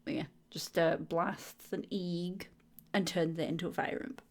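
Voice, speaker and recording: A young woman doing a casual, chatty voiceover for her gaming video. She giggles a lot and acts out silly inner dialogue in a higher voice. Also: steady tone, a little slow. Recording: voiceover recorded at home on a mic.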